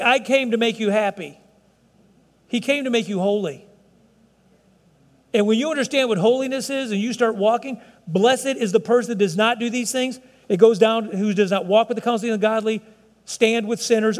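A man preaching to his congregation in a church. His voice sits high for a man, and it rings out with a long reverb through the hall. He keeps it conversational, asking the room questions as he goes. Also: fairly quick. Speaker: pastor. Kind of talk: sermon. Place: church, broadcast service.

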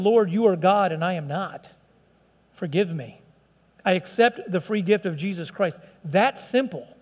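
A man's voice: high-pitched, in a large hall. A man preaching a sermon as pastor, earnest and pleading, often restarting his phrases.

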